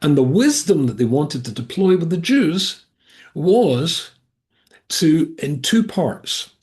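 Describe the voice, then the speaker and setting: A man's voice: on the high side, lively intonation, takes it slowly, darkish tone. A male rabbi teaching a Torah class over a video call, talking in a digressive way with frequent restarts and asides.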